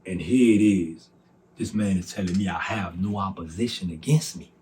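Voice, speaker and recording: Low-voiced man telling his testimony. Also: normal speed, slight background noise. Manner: recounts dialogue by voicing both sides, soft and earnest. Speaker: testimony speaker. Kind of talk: personal testimony storytelling.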